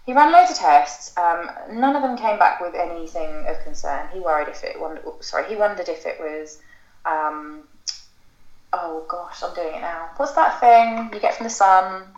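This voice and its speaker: Woman, 30s, podcast guest; lowish voice, chatty and rambling, recorded roomy and lo-fi. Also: normal speed. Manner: chatty storytelling, rambling with fillers and self-corrections. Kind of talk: casual podcast chat. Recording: roomy, dull lo-fi sound.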